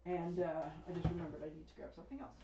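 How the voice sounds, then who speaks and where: A woman's voice: lowish voice, flat delivery, very fast, dull audio, very noisy. A woman craft demonstrator chatting casually as she unboxes and sorts a paper craft kit, rambling and often laughing.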